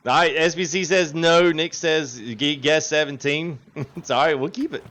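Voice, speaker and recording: Hosting a game livestream, this man chats casually at a moderate pace, laughing a lot and reading out what his viewers say in chat. His voice is on the high side and a bit bright.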